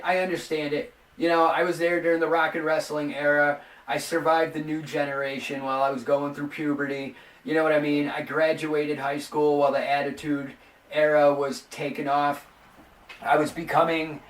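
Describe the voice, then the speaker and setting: A man in his forties, hosting a casual show and rambling profanely about wrestling. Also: fairly high pitch. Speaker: host. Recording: roomy, distant mic, faint music.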